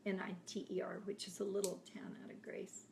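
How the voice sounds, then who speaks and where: An elderly woman in her eighties reminisces about her childhood, chatty and quick to laugh. Her voice carries a gravelly fry, pitched in a middle range, and she often drops into a soft half-whisper. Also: flat delivery. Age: 80s. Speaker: grandmother telling her life story. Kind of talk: casual oral history reminiscing.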